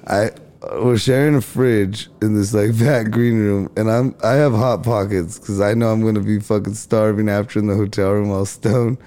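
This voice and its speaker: A man's voice: fairly low pitch, fairly even intonation, normal speed, mellow. A man from Riverside, California, telling a road story in casual chat, laid-back and swearing freely while acting out other people's lines. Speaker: comedian guest.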